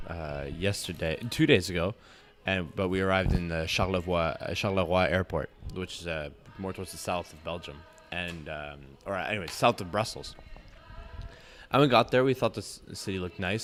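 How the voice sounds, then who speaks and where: Young man, Québécois French accent, native French speaker, deep voice, rambling travel story. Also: normal speed, a bit bright, faint music behind. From Quebec, Canada. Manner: rambling, filler-heavy storytelling. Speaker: podcast guest, backpacker. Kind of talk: casual chat, storytelling.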